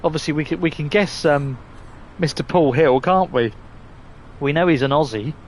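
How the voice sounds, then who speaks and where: A man's voice: on the high side, normal speed, a little hiss or hum. A man chatting casually and rambling through a live game stream, often restarting and swearing mildly. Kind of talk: casual live gameplay chat.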